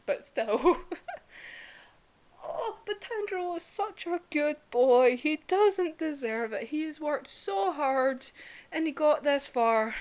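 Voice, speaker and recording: A young woman, ranting casually and emotionally in a vlog, laughing often and swearing. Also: high-pitched. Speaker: vlogger reviewing manga.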